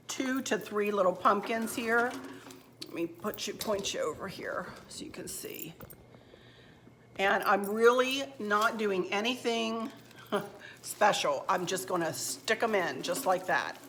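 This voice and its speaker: A woman's voice: medium pitch, takes it slowly, pushed and bright, a little hiss or hum. Chatty woman decorating at home. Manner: chatty and homey, laughing easily. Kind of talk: casual crafting tutorial chat. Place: home kitchen.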